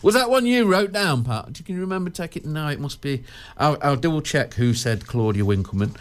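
A man's voice: fairly high pitch, animated, a little fast. A British man presenting a casual radio show, chatting in a rambling way with lots of fillers and restarts.

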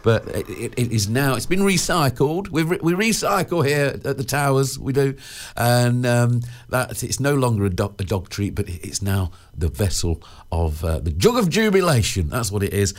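A man's voice: mid-range voice, sing-song, normal speed. A man presenting local radio, chatting casually with plenty of fillers and restarts.

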